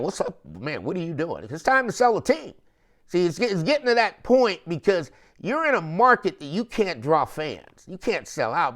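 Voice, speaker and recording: A man hosting a sports podcast, ranting with emphatic, repetitive rhetorical questions and slangy talk. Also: a little high. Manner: slangy, repeats phrases for emphasis. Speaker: podcast host. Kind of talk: opinionated sports commentary monologue.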